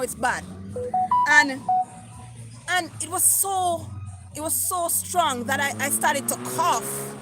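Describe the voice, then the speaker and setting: A middle-aged Jamaican woman chats on a phone-recorded livestream, reading viewer comments aloud and mixing in patois. Her voice is high and a little slow, with loud music playing behind it.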